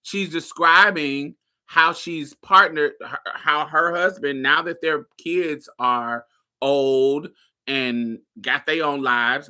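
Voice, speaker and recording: A woman from Indiana hosting a podcast, telling personal stories in a casual, profane, animated way and laughing often. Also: sits low. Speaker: podcast host. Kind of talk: casual storytelling monologue.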